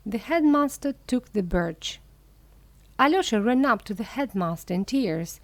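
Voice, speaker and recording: Woman storyteller, beginner-level audiobook, high lively voice, close dry sound. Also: unhurried, no room sound. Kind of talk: slow audiobook reading for English learners.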